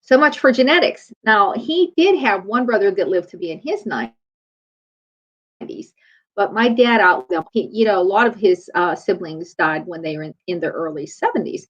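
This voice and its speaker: A woman's voice: medium pitch, normal speed. A middle-aged woman chiropractor giving a faith-based motivational talk in a conversational, storytelling way. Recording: dull lo-fi recording.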